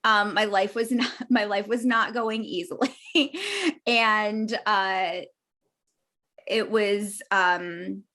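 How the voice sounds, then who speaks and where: Female podcast co-host, unhurried delivery, hesitant and self-amused. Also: medium pitch, a bit bright. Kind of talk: casual storytelling chat.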